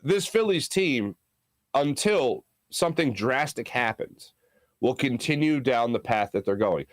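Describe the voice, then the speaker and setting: A man's voice: medium pitch, lively intonation, unhurried, no echo, studio quality. Chatty sports talk host, man. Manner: rambling, with many filler "uh"s and self-asides. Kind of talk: casual solo sports talk.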